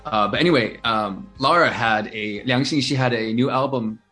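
Guy telling a story all animated, lots of uh and um, soft music underneath. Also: mid-range voice, moderate pace. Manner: animated storyteller, many fillers and restarts. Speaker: interview guest, singer-songwriter. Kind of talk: casual phone-style chat.

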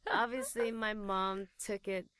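A woman from Taiwan, a guest in an interview, speaking casual English with a British tint and many relaxed fillers. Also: mid-range voice, unhurried. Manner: relaxed, chatty, with fillers and laughs.

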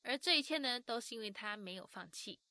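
A woman's voice: a little high, expressive, fast, pushed and bright, no room sound. A woman host narrating a radio story, mixing in English words. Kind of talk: bright scripted narration.

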